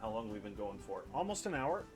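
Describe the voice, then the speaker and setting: A man's voice: on the low side, quick pace, music in the background. A man with a mild Canadian accent, casually rambling to himself while commenting on his gameplay. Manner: relaxed rambling chatter, hums and talks to himself. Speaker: gaming YouTuber.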